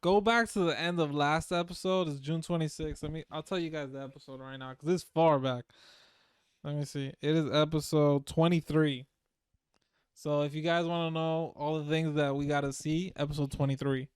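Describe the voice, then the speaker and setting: A man's voice: fairly high pitch, fairly even intonation, normal speed, smooth, no room sound, studio quality. A man co-hosting a casual podcast chat about web novels, easygoing and laughing along. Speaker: podcast co-host.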